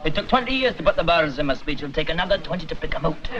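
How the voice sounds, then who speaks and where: An actor with a Scottish accent playing a young, earnest, stubborn drama student in a 1960s sitcom. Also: male voice, a little high, expressive, rapid-fire, a bit bright. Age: young adult. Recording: dull old TV soundtrack with hiss.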